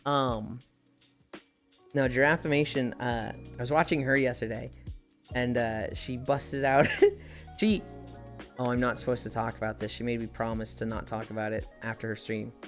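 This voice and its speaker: A woman's voice: a bass voice, fairly even intonation, moderate pace, soft background music. A woman live-streaming in casual chat, telling stories animatedly with frequent swearing and laughter.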